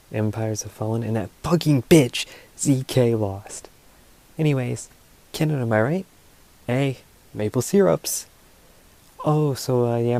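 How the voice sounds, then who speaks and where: A brash woman wrestling champion, played by a man, rambles from one goofy tangent to the next and swears freely. The voice is mellow and dark, and the delivery sounds like an in-character promo. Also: medium pitch, natural voice. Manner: rambling, profane, goofy non sequiturs.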